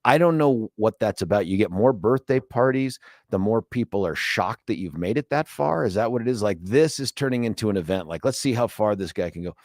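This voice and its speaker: A man's voice: lowish voice, fairly quick, dry recording. A man in his fifties hosting a talk radio show, telling rambling stories with lots of restarts in a studio. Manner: lively storyteller, rambling with restarts. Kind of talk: casual talk radio chat. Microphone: studio microphone.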